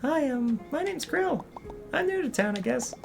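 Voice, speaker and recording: A woman voicing a timid, earnest young crab who gets shrill when startled. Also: animated, moderate pace, creaky, faint music behind.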